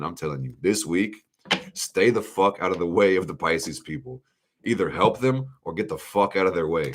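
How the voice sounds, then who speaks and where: A man's voice: sits low, very noisy. A man giving a casual, hyped live-stream tarot reading, swearing freely and talking straight to his viewers in slang. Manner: hyped, profane, talks straight to chat with slang. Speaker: astrology and tarot reader.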